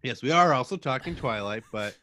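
A man's voice: mid-range voice, lively intonation, a little fast, sharp tone, a little hiss or hum. A man co-hosting a casual podcast, joking and addressing listeners with theatrical asides. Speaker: podcast co-host. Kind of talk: casual chat.

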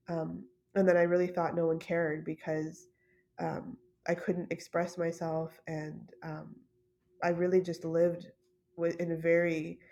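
A woman hosting a podcast, telling a personal story in a soft, hesitant way with many fillers and restarts. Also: on the low side. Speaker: podcast host.

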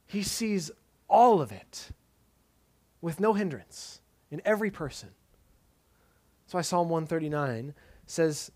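A man preaching a sermon in an earnest tone, dropping to soft emphatic lines and casual asides. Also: on the high side, animated, slow pace, pauses often.

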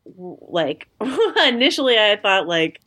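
A woman co-hosting a podcast in casual chat. She sounds bubbly and laughs often, and her pitch jumps up when she gets excited. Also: takes it slowly. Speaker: podcast co-host.

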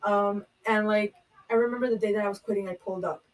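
A woman's voice: mid-range voice, fairly even intonation, fast, distant mic, low-quality recording. A young woman telling a job story in casual chat, rambling with lots of fillers and swearing. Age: young adult. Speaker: podcast co-host.

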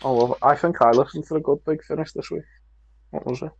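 A man's voice: a little high, steady tone, fast, gravelly, slightly rough. A man co-hosting a casual podcast chat, insistent and repeating himself. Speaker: podcast co-host. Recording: dull lo-fi sound.

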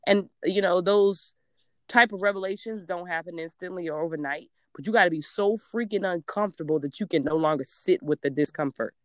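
A woman's voice: fairly low pitch, fairly quick, no echo, clean studio sound. A young woman from Georgia co-hosting a podcast, speaking in an earnest, motivational way in casual chat. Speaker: podcast co-host.

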